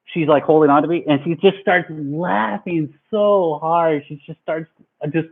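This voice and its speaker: A young male vlogger tells his viewers a long, rambling story in a laid-back way, packed with fillers. His voice is fairly high and creaky, at a moderate pace. The recording sounds tinny, like a phone.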